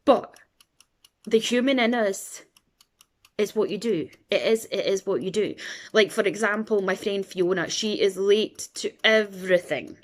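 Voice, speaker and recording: A Scottish woman in her thirties, rambling in a casual chat and acting out the voices of people in her stories. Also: mid-range voice. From Scotland. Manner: chatty and rambling, acts out quoted voices. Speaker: vlogger.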